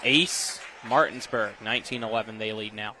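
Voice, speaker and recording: A man calling live high school volleyball play-by-play, quick and getting excited on rallies. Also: background noise. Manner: rapid, gets loud and excited on long rallies. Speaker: play-by-play commentator.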